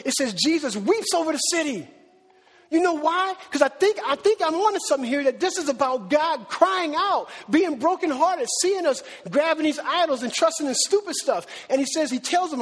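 In a church sanctuary, a man with an extremely high-pitched voice delivers a conversational sermon as pastor. He keeps asking the congregation rhetorical questions, and his voice fills a large hall.

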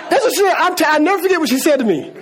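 Animated, emphatic male preacher. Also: very high-pitched, racing, a faint crowd. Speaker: pastor. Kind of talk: sermon.

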